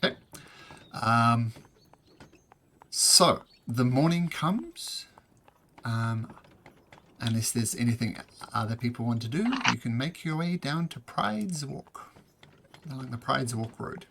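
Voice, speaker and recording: A man running a tabletop game as game master, narrating in a relaxed way with many ums and uhs. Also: medium pitch, slow pace, vocal fry, pauses often, a little hiss or hum.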